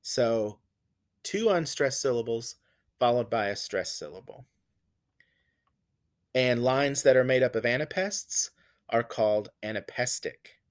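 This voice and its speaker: A man teaching poetic meter, explaining step by step with fillers and self-corrections, and reading verse lines slowly with heavy stress on the beats. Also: medium pitch, animated. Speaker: poetry teacher. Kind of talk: classroom lecture on poetic meter.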